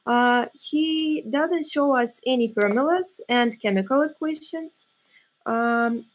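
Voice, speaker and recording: A teenage girl giving a hesitant, formal critique as a tournament opponent over a video call, with many filler sounds. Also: high-pitched. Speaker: opponent in a student science tournament.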